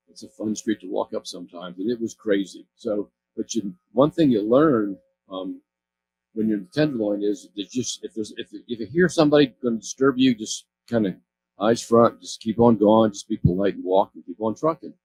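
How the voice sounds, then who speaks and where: This is a lowish, darkish voice from a man in his sixties from California, captured in a low-quality recording with a bit of hiss or hum. He's giving a storytelling talk about community work on an event stage, wandering and self-correcting with chuckles.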